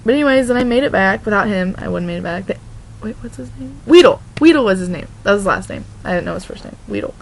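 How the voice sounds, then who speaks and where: A young woman from Oregon telling a story in a casual vlog, her voice sitting on a steady vocal fry. She rambles, fills nearly every phrase with "like," and often stops to restart her sentences. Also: mid-range voice, fast talker, poor audio. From Oregon, USA. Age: young adult. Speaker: vlogger.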